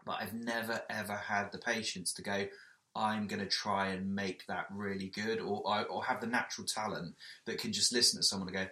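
Man, casual podcast chat, self-mocking, bright forceful tone, echoey room. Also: on the low side, fairly even intonation. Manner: sweary, self-mocking, quick asides. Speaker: podcast co-host. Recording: roomy echo.

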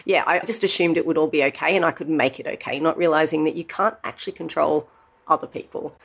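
A woman's voice: low-pitched, fast talker, gravelly, breathy edge. An Australian woman in her thirties, a guest telling her own story openly and reflectively, with many "you know" asides. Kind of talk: candid personal storytelling.

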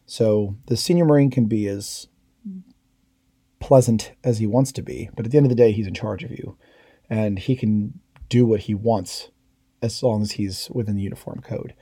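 A man's voice: lowish voice, normal speed, mellow, slightly rough, no room sound. A middle-aged man, a veteran hosting a podcast, telling war stories in a casual, candid way and swearing freely. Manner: candid, swears freely, quotes comrades in raised voices. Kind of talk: casual storytelling.

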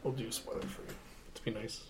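A man's voice: fairly quick, a little hiss or hum. Enthusiastic young man reviewing films. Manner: enthusiastic, rambling, laughs often. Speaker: podcast co-host. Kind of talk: casual movie review chat.

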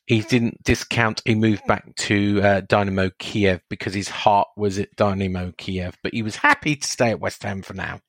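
Low-voiced guarded podcast co-host man. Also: fairly even intonation, moderate pace, gravelly, few pauses, a bit bright, dry recording, clean studio sound. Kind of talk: casual podcast chat.

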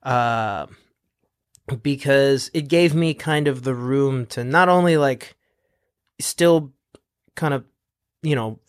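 A man's voice: medium pitch, slow pace, long pauses, clean tone, dry recording, studio quality. A man in his thirties, a guest on a podcast, chatting casually and laughing often. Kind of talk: casual interview chat.

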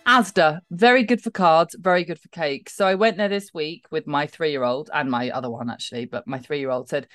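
Low-voiced chatty woman. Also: fairly quick, hardly any pauses, a bit bright. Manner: chatty, wry, teasing. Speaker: podcast co-host. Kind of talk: casual chat.

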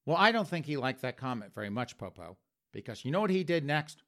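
A sleazy, defensive man, as a comedian puts him on, rattles off flustered, indignant excuses. His voice jumps about in pitch with a lively lilt. It carries a bright, pushy edge. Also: fairly quick.

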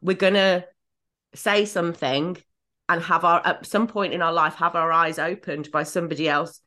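A woman in a casual conversation, telling personal stories in an animated way, swinging her pitch up and down. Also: moderate pace. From Great Britain.

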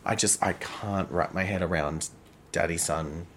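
A man in his thirties co-hosting a podcast, talking in a blunt, crude, animated way and swearing freely. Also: low-pitched, measured pace, slight background noise. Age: 30s. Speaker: podcast co-host. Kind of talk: casual chat.

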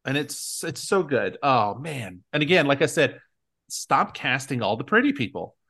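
A man's voice: medium pitch, sing-song, moderate pace, bright, forceful tone, breathy edge. A man hosting a podcast in casual chat, rambling along with lots of fillers. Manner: chatty, rambling with many fillers. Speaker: podcast host.

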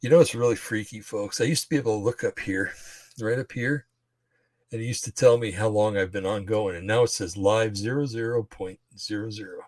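On a livestream, a male podcast host with a lowish voice rambles through religious commentary at a fairly quick clip. He sounds slightly out of breath, full of fillers and restarts, with no room sound.

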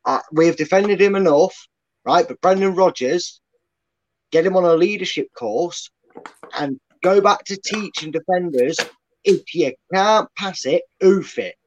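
A man's voice: sits high, unhurried, dull audio. A man giving strong opinions as a guest fan pundit, speaking from his bedroom. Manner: opinionated, dry. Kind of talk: casual chat.

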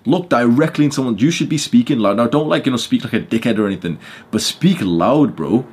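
A young man hosting a podcast, giving blunt motivational talk full of swearing and fillers, often getting loud. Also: medium pitch, lively intonation, fairly quick, a little hiss or hum. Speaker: podcast host.

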